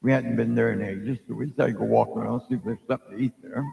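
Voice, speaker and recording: Gravelly middle-aged man telling a story. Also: medium pitch, steady tone, fast, highs cut off. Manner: meandering, loses his thread, many fillers. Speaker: psychic storyteller hosting a live stream. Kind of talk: rambling spoken storytelling. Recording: echoey room with long reverb.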